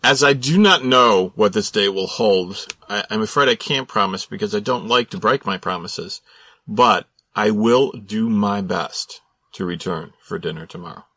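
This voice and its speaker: A man's voice: on the low side, normal speed, sharp tone, no echo. A man voicing a proper, polite old grandmother who speaks formally. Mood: gracious.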